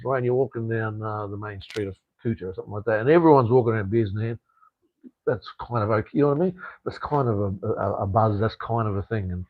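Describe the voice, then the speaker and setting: A man's voice: medium pitch, dry recording, phone-quality sound. Blunt, rambling Australian man. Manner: rambling, blunt, swears freely, many restarts. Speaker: live stream host. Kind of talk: casual live-stream chat.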